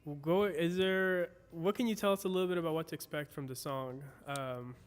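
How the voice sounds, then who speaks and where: A man hosting an interview in a studio, friendly and halting with lots of fillers. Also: fairly high pitch, clear, resonant tone, big-room sound. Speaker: host. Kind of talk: casual interview chat. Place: recording studio.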